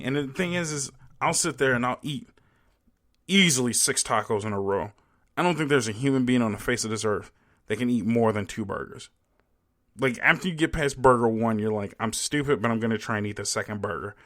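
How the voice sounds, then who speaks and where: A young man rants on his own podcast into a home microphone, swearing freely and pressing each point hard. His voice sits at an ordinary middle pitch for a man. He talks in a loose, casual way, with frequent fillers. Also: fairly bright tone. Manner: profane, emphatic, ranting with laughs. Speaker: podcast host. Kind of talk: casual solo podcast rant. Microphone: home podcast mic.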